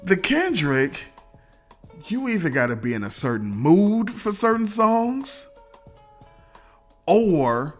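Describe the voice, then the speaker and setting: A man chatting as a podcast guest, his pitch swinging widely as he rants and curses. He slips into quick impressions of other people to make his point. Faint music sits under his voice. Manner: animated, profane, mimics others mid-rant. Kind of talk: casual podcast chat.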